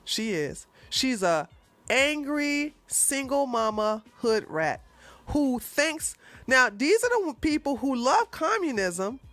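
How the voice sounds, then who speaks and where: Animated high-voiced woman mocking a clip. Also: no room sound. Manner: sarcastic and profane, with loud laughs and sudden shouts. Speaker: reaction commentator. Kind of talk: mocking reaction commentary.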